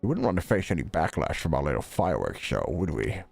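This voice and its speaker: Man playing a smug plotting noble, grand and sly, pitched up a bit, big swoops. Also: big pitch swings, fast talker, creaky, no room sound, soft background music, heavily acted. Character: pompous scheming southern male noble.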